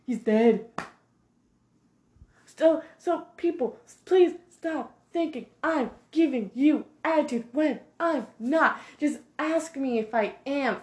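A woman ranting casually to camera in an animated, heated way, filling her talk with "like". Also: high voice. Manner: animated, heated, heavy use of 'like'. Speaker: vlogger. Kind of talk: casual monologue rant. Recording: echoey room.

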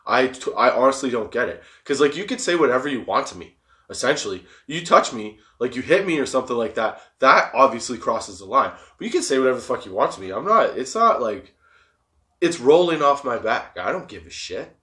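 A man's voice: medium pitch, sing-song, brisk, pushed and bright. Profane, rambling guy. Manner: profane, rambling, laughs often. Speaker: podcast host. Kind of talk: casual stoner monologue.

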